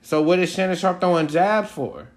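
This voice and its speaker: A man's voice: sits high, moderate pace. A man co-hosting a podcast, talking basketball in a rambling, casual way with many fillers and restarts. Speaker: podcast co-host. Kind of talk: casual sports chat.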